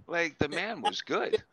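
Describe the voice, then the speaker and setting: A man's voice: on the high side, wildly swooping pitch, slow, background noise. A man chatting casually and eagerly, often laughing. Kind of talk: casual chat.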